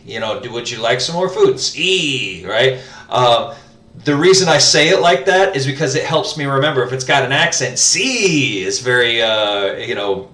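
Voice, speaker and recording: A man working through a language lesson out loud, hesitant and full of fillers and self-corrections. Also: mid-range voice. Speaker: language learner host. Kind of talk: casual spoken lesson, thinking aloud. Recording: roomy, mic at a distance.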